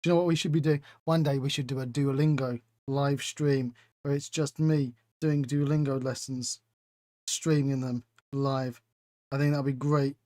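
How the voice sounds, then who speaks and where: A man's voice: medium pitch, level tone, normal speed, darkish tone, no echo, clean studio sound. A man hosting a live stream, chatting casually and reading out chat with self-mocking humor. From England.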